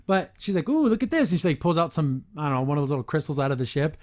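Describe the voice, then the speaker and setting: Chatty man podcast host, slightly high voice. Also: racing. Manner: chatty and opinionated, often acting out characters' lines in higher voices. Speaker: podcast host reviewing a cartoon episode. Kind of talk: casual review commentary.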